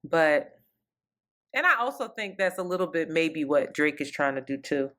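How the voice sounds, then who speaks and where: A woman's voice: low-pitched, lively intonation, moderate pace, a bit bright. A woman co-hosting a casual pop culture podcast, giving blunt, opinionated takes. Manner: opinionated, blunt, laughs often. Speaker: podcast co-host.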